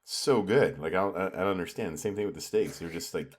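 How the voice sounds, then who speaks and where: A man's voice: sits low, fast, breathy edge. A man co-hosting a podcast, telling long stories in casual chat with lots of fillers. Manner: rambling storyteller, lots of filler. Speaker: podcast co-host.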